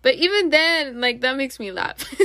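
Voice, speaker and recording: Young woman podcast host, higher-pitched, dry close sound, rambling confessional monologue with casual swearing. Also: animated, normal speed, bright, forceful tone, dry recording. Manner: rambling and confessional, drops to a whisper at sad moments. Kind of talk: personal monologue.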